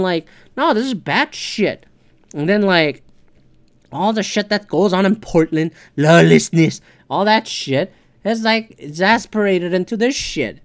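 A man giving a casual, rambling political rant, swearing freely and restarting his sentences. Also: high voice. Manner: rambling, profane, many fillers and restarts. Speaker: political commentator.

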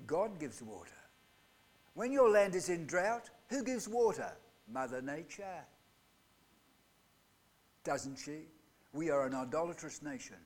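A man delivers a sermon in a church, his voice pitched high for a man. He takes his time, drawing out each phrase. He moves from loud, urgent questions to near-hushed lines. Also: lively intonation, a little slow, pauses often. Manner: dramatic preaching with rhetorical questions, swinging between loud and hushed. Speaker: pastor. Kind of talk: live sermon. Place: church hall.

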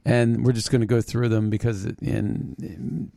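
A man hosting a political commentary show, talking in a mocking, halting way with frequent restarts. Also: medium pitch, little pitch movement, vocal fry, warm tone, no room sound, studio quality. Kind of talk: opinionated commentary monologue.

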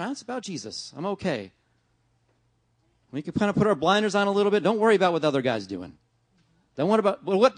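A man's voice: high voice, no room sound. A middle-aged male pastor giving a conversational sermon, often acting out his talks with God. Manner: conversational preaching with many "right?" and "man"; acts out dialogues with God.

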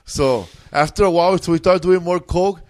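A man tells a wild, rambling story in a loose, casual way. He swears constantly and keeps breaking into laughter. His voice sits a little higher than most men's. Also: normal speed, a little mellow. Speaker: comedian guest.

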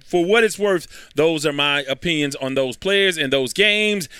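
A man's voice: a little high, a little slow, bright, forceful tone, clear, resonant tone, dry recording, clean studio sound. A man hosting a sports talk segment, giving his football picks in a chatty way, correcting himself as he goes and adding wry asides. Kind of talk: casual sports picks commentary.

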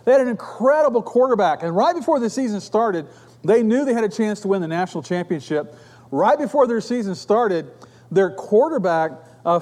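A man's voice: high-pitched, warm tone. A middle-aged man preaching a sermon, telling stories in an earnest, conversational way.

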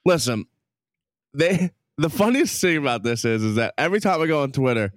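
A man's voice: fairly high pitch, sing-song, brisk, no echo. A man hosting a podcast, talking bluntly and profanely while watching a game. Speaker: podcast host.

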